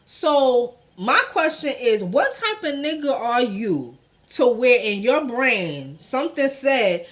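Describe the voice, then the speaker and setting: A woman's voice: fairly high pitch, sing-song, slow. A woman hosting a casual gossip commentary show, blunt and profane, talking in with laughing asides.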